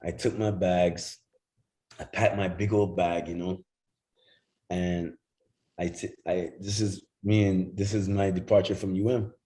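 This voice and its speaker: A man's voice: low-pitched, flat delivery, unhurried, dark tone, rough recording. A middle-aged man from Jamaica, a former football player, telling casual stories as a guest, acting out other people's lines, swearing freely and laughing often. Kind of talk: casual storytelling.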